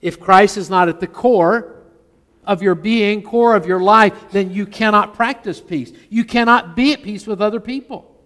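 A man's voice: sits high, normal speed, a bit bright, big-room sound. A male pastor preaching a sermon. He is emphatic and drops to near-whispers on key words.

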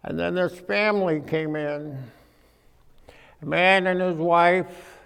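A man preaching a humorous storytelling sermon, animated, acting out voices and swinging from quiet to loud. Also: sits high, slow pace, creaky, smooth. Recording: echoey hall.

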